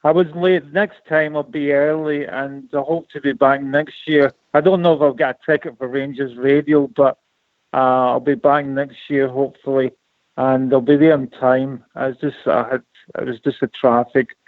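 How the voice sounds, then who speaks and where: A man's voice: mid-range voice, normal speed, no room sound. A man calling in to a fan radio show, hesitant and plain. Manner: hesitant, plain, flat delivery. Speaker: caller. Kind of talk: phone-in call. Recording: dry phone line.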